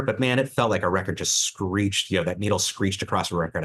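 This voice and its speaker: Deep-voiced male distiller hosting a tasting. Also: a little fast, fairly bright tone, slightly rough. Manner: enthusiastic, reflective, with many fillers and restarts. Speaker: head distiller. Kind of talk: presenting a virtual tasting.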